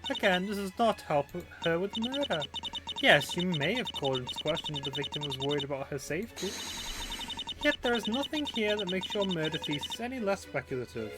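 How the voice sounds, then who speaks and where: A man voicing a haughty female prosecutor who talks in a condescending, precise way, over loud game music. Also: high voice, big pitch swings, a little fast, pitched above the performer's own voice. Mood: scornful. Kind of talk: let's play voice acting.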